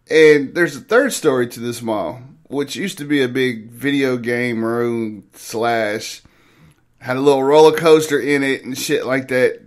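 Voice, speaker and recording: A man hosting a morning show, chatting casually in a rambling, profane way and laughing easily. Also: medium pitch. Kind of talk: casual chat.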